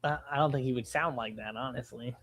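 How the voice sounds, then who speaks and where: A man's voice: medium pitch, fast talker, fairly bright tone, dry recording, studio quality. A young man co-hosting a casual live stream, reading chat messages and poll results aloud and retelling comedy sketches. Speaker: co-host of a movie reaction stream.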